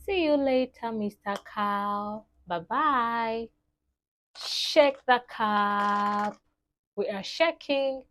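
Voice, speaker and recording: A young woman teaching toddlers, speaking slowly and cheerfully in an exaggerated sing-song and imitating animal sounds. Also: a little high, fairly bright tone. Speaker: children's teacher.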